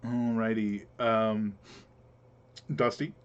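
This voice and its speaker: Relaxed male game master, lo-fi mic. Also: on the low side, very slow, clean tone. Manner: relaxed, hesitant with many fillers. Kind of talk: narrating a tabletop game. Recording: dull lo-fi mic.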